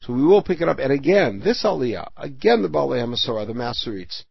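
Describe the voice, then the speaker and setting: A man's voice: medium pitch, lively intonation, fast, vocal fry, breathy edge, dry recording, lo-fi sound. A man teaching the weekly Torah portion, reading Hebrew verses aloud and then explaining them in plain speech.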